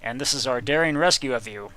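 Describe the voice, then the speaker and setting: A man's voice: mid-range voice, fast, bright, forceful tone. A man giving joking, sarcastic commentary while playing a video game. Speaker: let's play host. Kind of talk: gameplay commentary.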